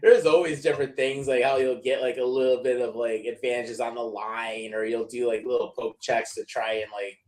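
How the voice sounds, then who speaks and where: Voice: medium pitch, steady tone, normal speed, few pauses, darkish tone. A podcast co-host in casual chat, joking, swearing freely and laughing often.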